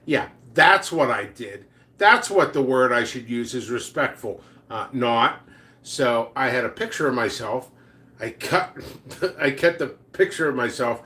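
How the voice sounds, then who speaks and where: A man's voice: medium pitch, a bit bright. A middle-aged man who hosts a pepper seed channel, casually telling rambling, profane workplace prank stories, stammering and laughing as he goes. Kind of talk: casual storytelling vlog.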